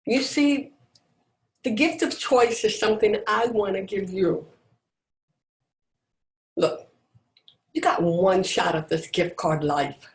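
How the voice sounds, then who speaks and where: A middle-aged woman giving a personal motivational talk, emphatic and dramatic, with deliberate pauses, over a video call. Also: mid-range voice. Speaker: motivational speaker. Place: indoors, at home on a video call. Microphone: video call microphone. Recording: roomy echo.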